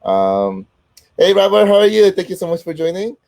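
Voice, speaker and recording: A middle-aged man hosts a casual livestream while fighting off an illness, his voice not fully recovered. His tone is mellow and close, with a dry, roomless sound. He talks haltingly, filling gaps with um and uh. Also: high-pitched, sing-song, creaky, no room sound. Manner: halting, heavy with um and uh, warm greetings to viewers. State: sick, voice not fully back. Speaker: host.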